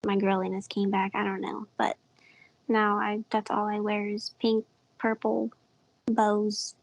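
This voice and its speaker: A woman in her thirties with a small, mouse-like voice, telling stories in a soft, breathy, giggly way as a podcast guest. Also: mid-range voice, monotone, measured pace, rough recording. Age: 30s. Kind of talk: casual chat.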